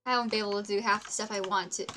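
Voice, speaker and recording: A woman's voice: medium pitch, fairly even intonation, racing, noisy background. A woman streamer chatting casually while she plays, bubbly and self-mocking, humming sing-song nonsense sounds to herself. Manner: self-mocking, giggly asides. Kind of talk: casual gaming livestream chatter.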